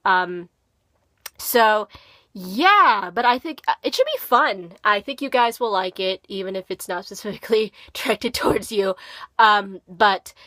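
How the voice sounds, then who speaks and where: A woman's voice: mid-range voice, expressive, measured pace, sharp tone, no room sound. A teenage girl from Minnesota with a slight Minnesotan accent, chatting casually in a rambling, filler-heavy way for her vlog. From Minnesota, USA. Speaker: vlogger. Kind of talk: casual talking-to-camera vlog.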